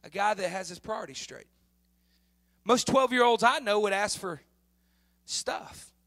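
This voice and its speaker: A man's voice: high-pitched, a little slow, gravelly, fairly bright tone. A middle-aged man preaching a sermon in a conversational style that rises to emphatic peaks. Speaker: pastor.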